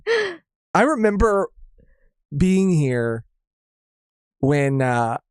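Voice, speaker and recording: A man's voice: fairly high pitch, wildly swooping pitch, drawn-out words, smooth, no room sound, clean studio sound. A man co-hosting a casual live podcast, upbeat, laughing often and reading chat comments aloud. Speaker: podcast co-host.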